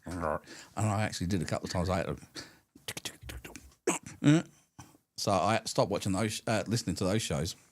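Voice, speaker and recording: A man with a low-pitched voice co-hosts a live-stream podcast, chatting casually, telling stories and at times imitating radio hosts and callers. He speaks at a normal speed with long pauses, recorded on a studio mic through a mixer with no room sound.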